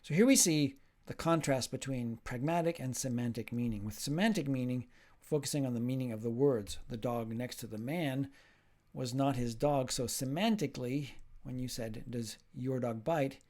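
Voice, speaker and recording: A man's voice: mid-range voice, normal speed, darkish tone. A man speaking as a linguistics professor in a recorded video lecture, explaining ideas step by step and acting out short example dialogues.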